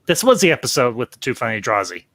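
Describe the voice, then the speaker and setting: A man's voice: mid-range voice, big pitch swings, fast talker, fairly bright tone, no echo. A man hosting a casual livestream chat, folksy and chatty with frequent ums. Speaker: host.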